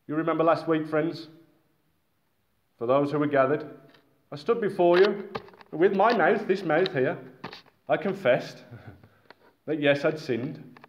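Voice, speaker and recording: A man preaching a sermon to a gathered congregation, animated and exclaiming, calling his listeners friends. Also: on the high side, unhurried, long pauses. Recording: echoey, muffled room recording with faint noise.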